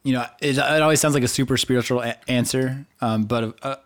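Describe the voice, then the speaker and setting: A man co-hosting a casual podcast, easygoing and hesitant, often pausing with fillers. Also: mid-range voice, steady tone. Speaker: podcast co-host. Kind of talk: casual chat.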